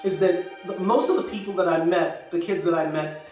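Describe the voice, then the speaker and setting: A man's voice: high voice, normal speed, a little mellow. A man in his sixties, raised in Jamaica and now speaking with an American accent, telling a personal story in a thoughtful, conversational way that circles back to rephrase. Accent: American, Jamaican trace lost. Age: 60s. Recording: very echoey, distant mic, faint music.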